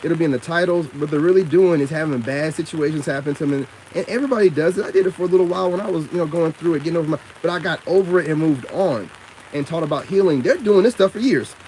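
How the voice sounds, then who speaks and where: A man giving a casual monologue to camera about narcissism, loose and full of slang, who jumps sharply up in pitch when he gets indignant. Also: fast, darkish tone, a little hiss or hum. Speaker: online commentator on narcissism.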